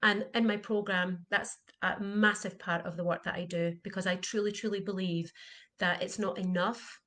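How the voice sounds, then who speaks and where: A woman's voice: mid-range voice, fairly even intonation, moderate pace, pushed and bright. A middle-aged woman, an animal communication coach, giving an earnest, heartfelt motivational talk and repeating her questions for emphasis.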